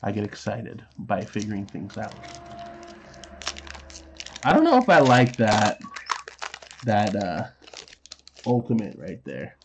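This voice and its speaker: A man's voice: mid-range voice, slightly rough, highs cut off. A man in his thirties casually chatting while opening trading card packs, reading card names aloud and making sound effects. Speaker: card unboxing host.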